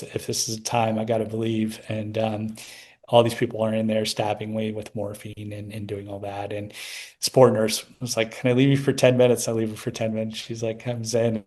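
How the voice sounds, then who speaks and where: A man's voice: lowish voice, monotone, normal speed, darkish tone. A middle-aged man telling a personal story as an interview guest, rambling with many restarts.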